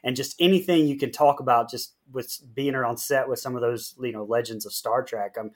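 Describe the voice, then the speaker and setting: A man's voice: medium pitch, a little fast. A man hosting a podcast, asking questions eagerly as an admitted fan. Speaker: podcast host. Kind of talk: casual interview.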